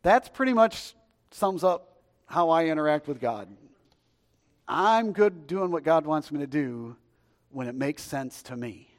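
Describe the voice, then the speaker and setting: A man preaching a sermon, telling stories in a lively, conversational way with jokes aimed at the congregation. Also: fairly high pitch, a little slow, long pauses, in a large hall. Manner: storytelling, lively and conversational, joking aside to the congregation. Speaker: pastor.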